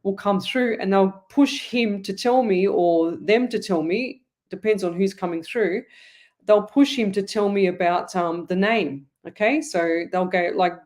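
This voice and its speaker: In a mid-range, darkish voice and at a slightly slow pace, a middle-aged Australian woman runs a live online psychic show. She chats with viewers, answers their comments, and rambles, restarting often.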